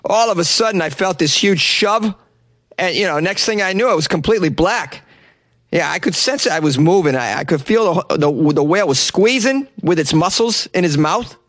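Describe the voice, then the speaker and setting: A man's voice: sits high, lively intonation, a bit bright, no echo, studio quality, voice pushed up. A man putting on a Boston accent to voice a shaken middle-aged diver who stumbles over his words. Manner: halting, repeats words.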